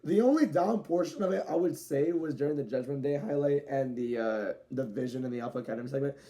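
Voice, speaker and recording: Young man, mellow tone, rambling and slangy, casual solo review, self-correcting. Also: mid-range voice, quick pace. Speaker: wrestling show reviewer.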